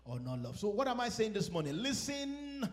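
A man preaching a sermon, lively and playful, acting out conversations and laughing at his own stories. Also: high voice, normal speed. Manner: animated, acts out quoted exchanges and laughs at his own stories. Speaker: pastor.

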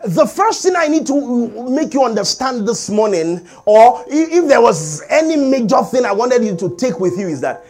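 A middle-aged man preaching a sermon as pastor, animated and calling for amens from the congregation. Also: very high-pitched, normal speed, few pauses. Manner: animated preaching with call-and-response.

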